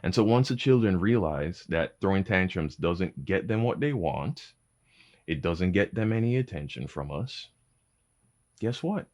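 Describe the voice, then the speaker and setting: A young adult man giving casual parenting advice to his viewers, animated, swearing freely and calling them bro. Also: deep voice, measured pace.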